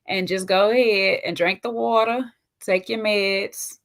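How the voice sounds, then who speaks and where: A woman with a Southern US twang hosting a casual, slangy recap of a reality TV show, chatty and quick to laugh. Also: medium pitch, steady tone. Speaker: host.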